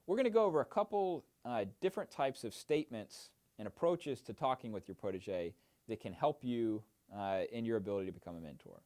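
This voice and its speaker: A man giving an instructional talk on mentoring techniques, explaining steps clearly with frequent "uh" fillers. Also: medium pitch, animated, a little fast, darkish tone. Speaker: mentor trainer. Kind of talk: instructional narration.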